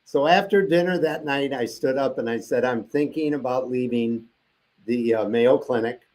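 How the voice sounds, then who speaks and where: Older man telling a lively story. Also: medium pitch, moderate pace. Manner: animated storyteller acting out quoted dialogue. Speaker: interview guest. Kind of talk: storytelling in a casual interview.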